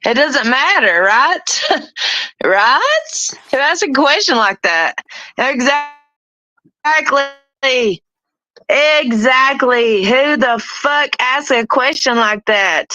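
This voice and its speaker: Taunting, lively-voiced woman streamer. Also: high voice, unhurried, dry recording, dull audio. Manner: taunting, profane, laughing at chat. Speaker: livestream host. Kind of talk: casual livestream chat.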